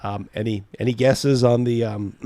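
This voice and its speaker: A man's voice: medium pitch, fairly even intonation, unhurried, warm tone, no echo. A man hosting a livestream, reacting to clips with rambling talk, crude jokes and frequent laughter. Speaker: host. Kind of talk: casual livestream reaction chat.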